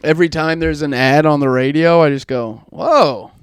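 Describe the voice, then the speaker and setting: Young male podcast host, slightly high voice, chatty and rambling, dry close sound. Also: fairly even intonation, brisk, clean tone, no echo. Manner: rambling, laughs through stories. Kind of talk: casual storytelling chat.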